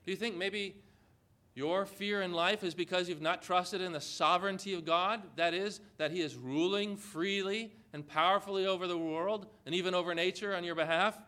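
A man's voice: high voice, sharp tone. A man preaching a sermon, reading scripture aloud and pressing his listeners with emphatic direct questions. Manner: emphatic, preacherly, with dramatic pauses. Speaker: pastor.

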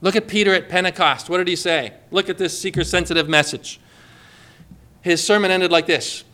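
A man delivers an emphatic sermon in a high, bright voice. He drives his points home and slips into quick voices for the people in his stories. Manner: emphatic, acts out quoted voices. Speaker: preacher.

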